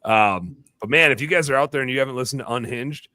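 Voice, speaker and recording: A man hosting a live podcast in casual chat, rambling and excitable, dropping the odd swear word. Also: mid-range voice, quick pace, no echo. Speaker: podcast host.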